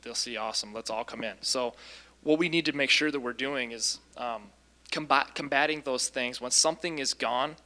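A man casually recounting a deliverance story as a Christian minister, lively, with frequent ums and restarts. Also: mid-range voice, moderate pace.

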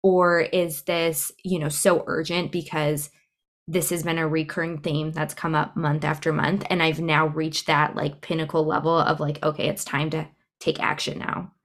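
A cycle syncing coach, here a podcast guest, speaks in a deep voice with flat delivery at a normal pace. In the relaxed interview she muses conversationally and leans heavily on fillers.

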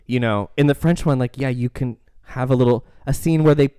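A man's voice: mid-range voice, brisk, mellow, smooth, no room sound, clean studio sound. A man co-hosting a podcast, chatting casually about films in a rambling, tangential way, laughing often and acting out lines from the movies. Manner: acts out movie lines in quoted voices. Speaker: podcast co-host. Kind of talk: casual film discussion chat.

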